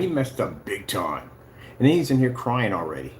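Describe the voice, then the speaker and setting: Mocking, animated man. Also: lowish voice, fast talker, a little hiss or hum. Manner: taunting, sing-song mockery. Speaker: channel host. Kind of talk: casual mocking livestream commentary.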